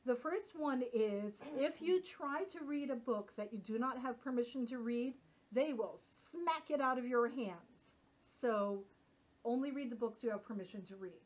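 A woman leading a workshop, talking in a chatty, animated way full of casual fillers. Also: fairly high pitch, normal speed. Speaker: workshop leader. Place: workshop room. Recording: dull lo-fi recording.

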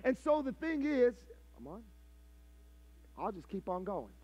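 Very high-voiced preaching man. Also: big pitch swings, unhurried, highs cut off. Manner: call-and-response preaching, prompting the congregation; builds to shouted, sing-song passion. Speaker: pastor. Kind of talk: live sermon.

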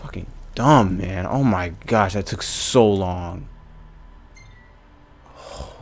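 A man's voice: low-pitched, slow. A man giving casual let's-play commentary, exasperated and ranting to himself as he plays. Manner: casual slangy talk. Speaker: gaming channel host.

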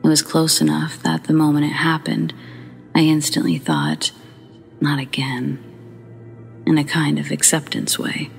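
A woman narrating true scary stories as the show's host, dropping into a hushed whisper at tense moments. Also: low voice, sing-song, normal speed, gravelly, soft background music. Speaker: horror story narrator. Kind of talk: scripted narration.

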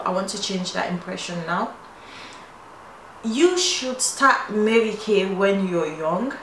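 A woman's voice: mid-range voice, measured pace. Chatty young Nigerian woman, echoey room. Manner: chatty and playful, often says "like". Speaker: beauty vlogger. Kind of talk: casual skincare tutorial chat. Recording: echoey room, faint noise.

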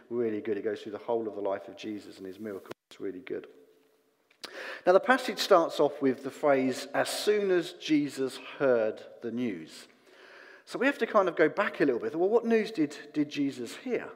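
A man giving a sermon in a relaxed, conversational way, with self-deprecating asides and fillers. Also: mid-range voice. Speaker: preacher. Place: church hall. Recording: long church reverb.

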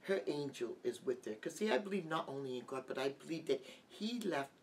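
A woman's voice: sits low, expressive. Grieving middle-aged woman, distant mic. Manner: halting, heartfelt, with many restarts. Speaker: guest. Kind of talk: emotional personal testimony. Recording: distant mic with light background noise.

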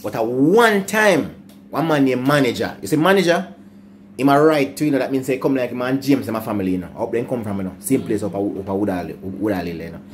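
Soft music plays behind a mid-range male voice that moves a little fast with lively intonation. He is an older Jamaican man recounting his childhood in relaxed patois, laughing a lot and turning to address his grandsons.

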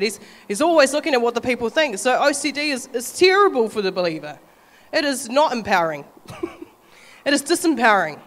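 Lively New Zealand woman preaching. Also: a little high, in a large hall. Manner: animated, acts out quoted voices, laughs often. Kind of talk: sermon.

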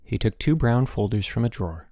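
A man reading a children's novel aloud as an audiobook narrator, expressive and giving each character a voice. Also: fairly low pitch, brisk, no echo, studio quality. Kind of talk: scripted narration.

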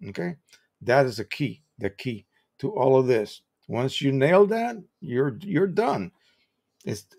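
A man's voice: medium pitch, vocal fry, a little mellow. An American man hosting a live stream, explaining printing in a chatty, casual way with examples and restarts.

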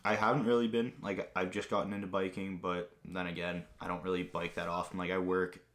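A man's voice: sits low, flat delivery, brisk, a bit bright. A young man from Greece chatting casually to viewers, rambling through a story with lots of fillers. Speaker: vlogger answering viewer questions. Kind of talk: casual chat.

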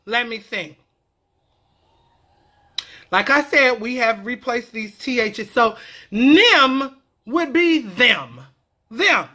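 A woman's voice: high-pitched, slow. A woman from California talking in a playful, slangy way as a comedic vlogger teaching a lesson. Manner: playful, animated, slangy, jumps into character voices.

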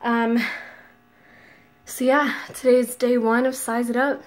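A woman's voice: a little high, level tone, moderate pace, darkish tone. A young woman vlogging casually after a workout, out of breath and sighing between phrases. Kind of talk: casual vlog chat.

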